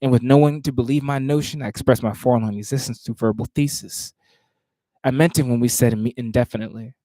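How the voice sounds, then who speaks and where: Man, spoken word poet, rehearsing verses, restarts lines, quiet asides to himself, dry room, mid pitch. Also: fairly even intonation, a little fast, dry recording. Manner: rises louder and higher when reciting.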